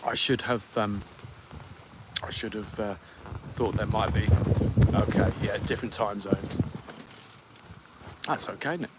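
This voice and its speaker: A man's voice: fairly low pitch, steady tone, unhurried, long pauses, heavy background noise. A man from the UK hosting a podcast live stream, chatting casually and rambling as he reads out viewer comments. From United Kingdom. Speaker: podcast host.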